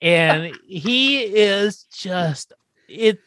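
A man's voice: high voice, drawn-out words, a little hiss or hum. A man co-hosting a podcast, retelling an old sitcom episode in casual chat and acting out the characters' lines. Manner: animated storytelling, acts out characters' lines. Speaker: podcast co-host recapping an episode.

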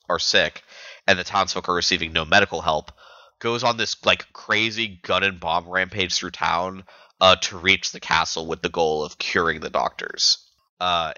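A man's voice: low voice, sharp tone, dry recording, dull audio. A man co-hosting a podcast, casually recapping chapters in a rambling way with lots of fillers and restarts. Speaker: podcast co-host.

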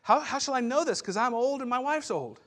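Preacher putting on a shaky old priest, stammery and high, begging for proof. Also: male voice, lively intonation, fairly quick, fairly bright tone. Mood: pleading. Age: older. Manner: stammering, pleading. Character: old doubting priest, male, anxious and pleading. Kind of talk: sermon.

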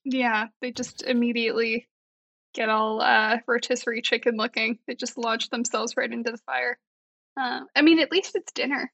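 High bright woman, amused recap chatter. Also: fairly even intonation, normal speed, gravelly, no echo. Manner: amused, laughs often, wry asides. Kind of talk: casual movie recap chat.

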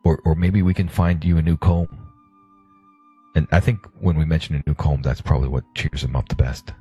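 A man's voice: rumbling low, fairly even intonation, a little fast, warm tone, breathy edge, soft background music. A man playing a tabletop game, joking around with stammering restarts. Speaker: player. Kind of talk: casual tabletop play.

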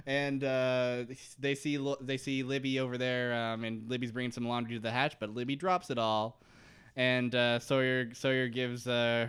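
A man's voice: medium pitch, clean tone. A man co-hosting a podcast, chatting casually as he recaps a TV episode, laughing often and trailing off mid-sentence. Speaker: podcast co-host. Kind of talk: casual chat recapping a show.

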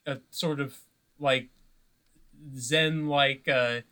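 A man's voice: mid-range voice, steady tone, sharp tone, smooth. A man co-hosting a podcast, talking casually with lots of fillers and restarts. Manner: halting, many fillers and restarts. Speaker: podcast co-host.

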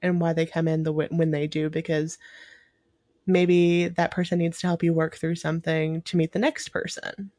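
A woman co-hosting a casual spiritual chat, speaking in a soft, reflective way. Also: deep voice, little pitch movement, moderate pace, no room sound, studio quality.

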